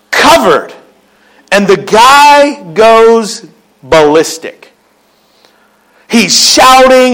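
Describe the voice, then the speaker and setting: A man's voice: high-pitched, fairly bright tone, poor audio. A man preaching a sermon, telling stories in a joking, conversational way. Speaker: pastor.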